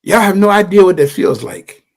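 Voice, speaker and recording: Earnest man with a gravelly voice. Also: high voice, animated, normal speed, darkish tone. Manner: earnest, direct, repeats and restarts phrases. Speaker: livestream host. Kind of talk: impassioned livestream address to followers.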